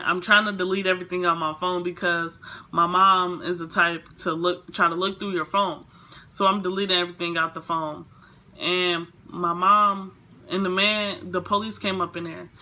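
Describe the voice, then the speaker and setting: A woman's voice: on the low side, moderate pace. A young woman vlogger telling a storytime in a casual, rambling way, full of fillers. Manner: rambling, filler-heavy, animated retelling.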